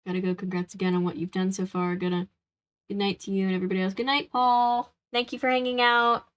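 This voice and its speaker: A woman's voice: medium pitch, flat delivery, fast talker, clear, resonant tone. A woman hosting a live game stream, chatting casually, laughing often and answering her chat aloud.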